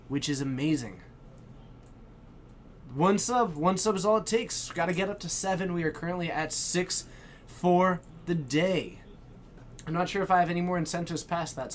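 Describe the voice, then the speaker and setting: A man hosting a live stream, chatting with viewers in a hyped, exclamatory way and breaking into shouts. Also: a little high, slight background noise. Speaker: stream host. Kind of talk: excited live-stream chat.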